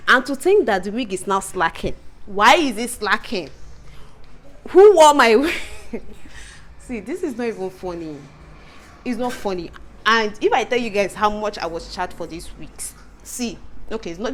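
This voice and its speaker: A young woman chatting to camera in a casual home vlog, animated and exasperated, repeating herself and laughing often. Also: mid-range voice. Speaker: vlogger.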